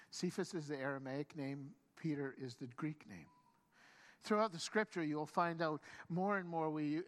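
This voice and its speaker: Animated preacher telling a story. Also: mid-range voice. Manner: animated storytelling, acts out quoted lines; frequent stammered restarts. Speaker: pastor. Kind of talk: sermon.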